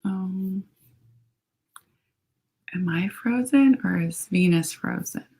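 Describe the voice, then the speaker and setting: A woman's voice: mid-range voice, slow, gravelly, warm tone. A woman guest talking over a video call, earnest and reflective, with frequent fillers. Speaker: guest, facilitator. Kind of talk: casual interview chat.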